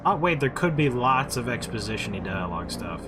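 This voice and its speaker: A man's voice: mid-range voice, very animated, a little fast, loud music behind the voice. A man giving jokey, rambling commentary while playing a video game. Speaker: gaming host. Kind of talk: casual let's-play commentary. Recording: game noise behind his mic.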